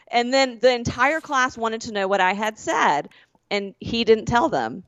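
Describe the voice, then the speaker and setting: A woman's voice: a little high, animated, normal speed, fairly bright tone, no echo, lo-fi sound. A woman co-hosting a podcast, telling a rambling school story in casual chat and correcting herself as she goes. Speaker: podcast co-host.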